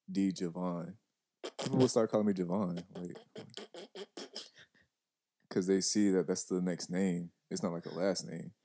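Laid-back low-voiced young man. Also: mellow. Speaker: videographer and producer. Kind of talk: casual chat.

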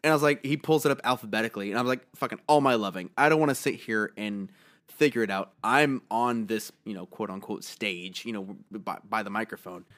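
A man co-hosting a podcast in casual chat, slightly hoarse, telling stories with lots of swearing and laughter. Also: lowish voice, brisk. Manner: animated storytelling, swears freely, laughs a lot. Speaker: podcast co-host.

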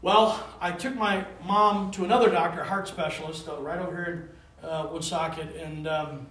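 A man preaching a conversational sermon to a small group. He talks in an animated, rambling way and keeps asking the listeners for answers. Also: a little high, moderate pace. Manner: animated, rambling, calls for responses. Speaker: pastor. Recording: roomy room, voice from a distance.

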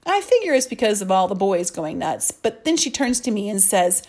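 A woman narrating a children's story in the first person, in a soft, earnest way. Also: medium pitch, very animated, moderate pace, hardly any pauses. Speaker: audiobook narrator.

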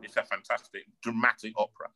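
A man's voice: fairly low pitch, fast, music in the background, poor audio. A middle-aged man from North London with a North London accent, an opera singer telling stories in a casual interview and often repeating words as he goes. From North London, England. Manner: animated storyteller, repeats words as he talks.

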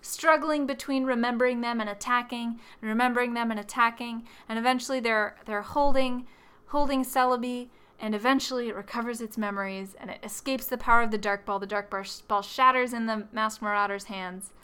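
A woman co-hosting a chatty podcast, walking through a film's plot scene by scene. Her voice is bright and clear, sitting a little high for a woman. She talks loosely, with fillers and quick laughs, and slips into little voices for quoted lines. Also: fairly even intonation. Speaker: podcast co-host. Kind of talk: casual chat recapping a film plot.

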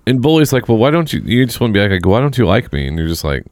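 A man's voice: lowish voice, sing-song, rapid-fire, darkish tone, no room sound, studio quality. A father in casual podcast talk, telling rambling anecdotes and acting out quoted lines.

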